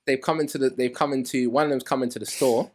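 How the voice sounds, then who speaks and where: A man's voice: medium pitch, fairly even intonation, fast, a little mellow. A young man co-hosting a podcast, telling stories in casual chat with many restarts. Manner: rambling storyteller with many restarts. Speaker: podcast co-host.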